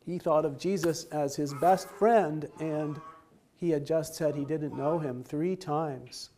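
A man with a high voice gives a Bible lesson as a slow, unhurried story. He explains each step in plain words and stops now and then to ask his listeners a question. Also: warm tone, slight background noise. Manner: simple explanatory retelling with asked questions. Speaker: Bible teacher.

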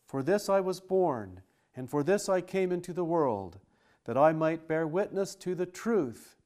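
A man reading the part of a calm, solemn prisoner, in measured archaic wording. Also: on the high side, voice pushed up. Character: calm, solemn prisoner speaking of his kingdom.

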